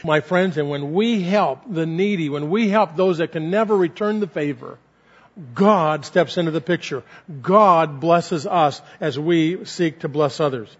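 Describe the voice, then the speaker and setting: A man's voice: fairly high pitch, measured pace. A man preaching a sermon as pastor, earnest and repetitive, building emphasis as he goes. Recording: dull lo-fi sound.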